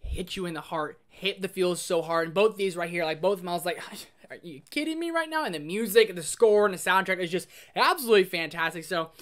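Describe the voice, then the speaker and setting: A man giving a casual spoiler review of a show. He gushes excitedly, says "like" constantly, and swings from loud exclamations to hushed emotional asides. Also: high-pitched, quick pace, few pauses. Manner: excitable, gushing, heavy use of "like". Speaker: film review host.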